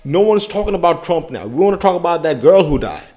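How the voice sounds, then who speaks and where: A man's voice: on the high side, sing-song, fast, mellow. A man hosting a casual political reaction commentary, blunt and profane, often adding "man" and "bro.".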